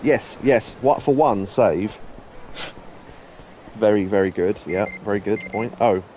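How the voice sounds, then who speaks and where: A man's voice: fairly low pitch, unhurried, warm tone, slight background noise. A man hosting a let's play, talking casually and rambling through anecdotes while he plays. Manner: chatty, rambling, laughs at his own stories. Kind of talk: casual gameplay commentary.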